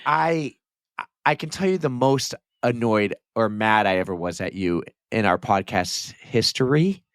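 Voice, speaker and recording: A man's voice: on the low side, lively intonation, a little slow, dry recording, studio quality. A man co-hosting a running podcast, talking in a loose, rambling way. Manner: rambling, restarts and jokes. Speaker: podcast co-host. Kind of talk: casual chat.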